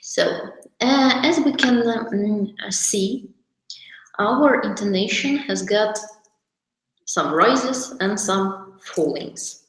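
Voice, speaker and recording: A woman's voice: mid-range voice, slow. A woman teaching English in an online webinar, hesitant with many fillers and restarts, stressing key words as she explains. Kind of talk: online lesson. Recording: echoey room.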